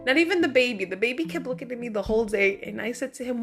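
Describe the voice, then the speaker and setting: A woman with a fairly high voice chats through a casual vlog. She tells her stories in an animated way and keeps dropping fillers as she goes. Soft music plays faintly behind her. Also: fast, gravelly, few pauses. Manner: animated, chatty, many fillers like "like" and "you know". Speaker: vlogger. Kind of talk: casual storytelling monologue.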